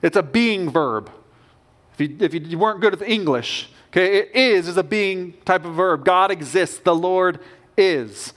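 A man's voice: high-pitched, expressive, moderate pace, a bit bright. A man preaching a sermon as pastor, earnest and emphatic, with rising bursts of conviction.

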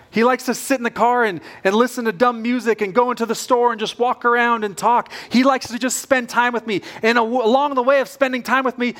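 A man's voice: sits high, a bit bright. A middle-aged male pastor preaching a sermon in an earnest, conversational way.

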